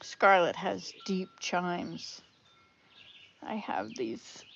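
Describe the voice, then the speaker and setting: A woman vlogger talks very slowly in a lowish, gravelly, slightly bright voice with little pitch movement, rambling chattily and chuckling at herself. It's a casual live-stream recorded on her phone in an outdoor garden with wind chimes. The audio is muffled, with a little hiss or hum.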